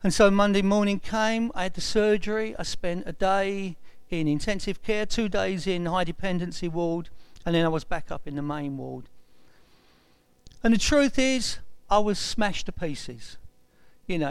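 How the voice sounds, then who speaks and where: Gravelly man in his sixties. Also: sits high, a little slow, no room sound. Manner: retells events with lively quoted dialogue. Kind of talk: personal testimony storytelling.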